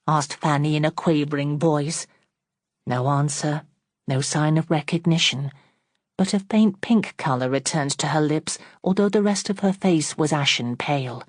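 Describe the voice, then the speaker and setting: Low-voiced woman narrating an audiobook. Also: moderate pace, no room sound, studio quality. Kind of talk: scripted narration.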